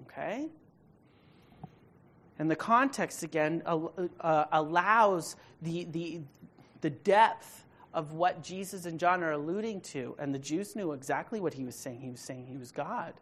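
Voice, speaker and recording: A woman leading an evening Bible study, speaking emphatically, checking in with her listeners by asking questions, and rising to a loud, forceful pitch when she reads scripture aloud. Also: measured pace, husky. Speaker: Bible teacher.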